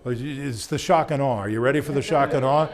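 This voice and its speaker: A man's voice: medium pitch, fast talker. Male sales trainer, jokey, upbeat lecture to members.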